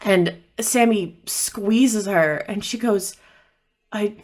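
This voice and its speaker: Woman game master, low voice. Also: measured pace. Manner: casual, lots of fillers. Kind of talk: narrating a tabletop game.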